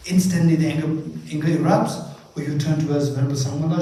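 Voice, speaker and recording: A man's voice: on the high side, fairly even intonation, brisk, dark tone. A man leading a Buddhist retreat session, teaching with live exercises, playfully quizzing his audience and laughing often. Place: large echoing monastery hall. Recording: echoey hall from far off with faint noise.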